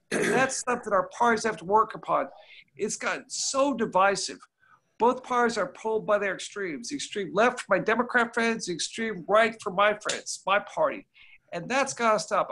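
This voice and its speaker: A man's voice: high voice, pushed and bright. A man, a congressman, speaking in a folksy, emphatic way and telling stories over a video call. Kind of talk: remote panel discussion.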